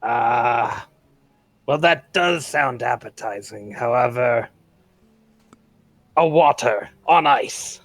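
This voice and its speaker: A man voicing a polite, measured male adventurer in a tabletop game. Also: mid-range voice, dry recording.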